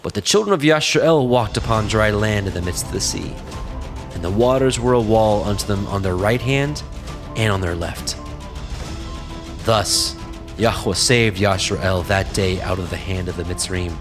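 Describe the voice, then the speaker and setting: Brief: male scripture reader, measured and low, music bed behind. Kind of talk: scripture reading.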